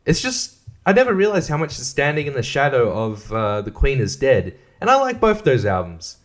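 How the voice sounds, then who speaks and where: A man talking alone into a podcast mic at an everyday middle pitch, ranting with plenty of swearing. He rambles, laughs at his own lines, and trips over his words as he restarts sentences. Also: wildly swooping pitch, moderate pace. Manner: profane, rambling, laughs often, stammers and restarts. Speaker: podcast host. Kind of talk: solo rant podcast.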